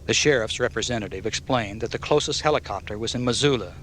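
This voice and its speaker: A man narrating an audiobook novel in a measured, even storytelling manner. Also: mid-range voice, a little hiss or hum.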